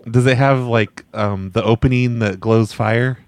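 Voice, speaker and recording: A man's voice: medium pitch, steady tone, measured pace, smooth, no echo. A man making a prank phone call as a fake technician, asking silly, childish questions with frequent stammers. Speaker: prank caller posing as a technician.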